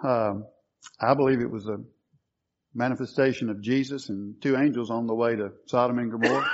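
A man's voice: medium pitch, creaky, highs cut off. A man preaching a sermon, quoting scripture and stressing key words emphatically.

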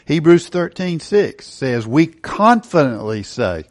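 A man's voice: fairly high pitch, sing-song, slow. A middle-aged male pastor preaching a sermon, emphatic and asking rhetorical questions.

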